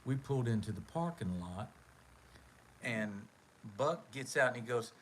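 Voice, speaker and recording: A man telling a rambling, animated story on a livestream. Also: medium pitch, measured pace, pauses often. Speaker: livestream host. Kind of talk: casual storytelling.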